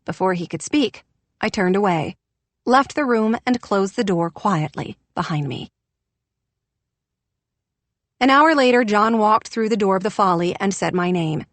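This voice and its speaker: A woman reading a first-person novel as an audiobook narrator, expressive and lifting her voice for quoted lines. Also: medium pitch, moderate pace, dry recording.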